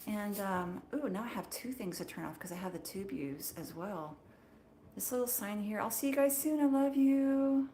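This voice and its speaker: A woman's voice: medium pitch, moderate pace, dark tone. A woman hosts a casual live stream from a small studio kitchen, talking straight to her viewers. Her manner is chatty and playful, and she laughs easily. The room has a noticeable echo. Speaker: marshmallow maker hosting a live stream. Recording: echoey room.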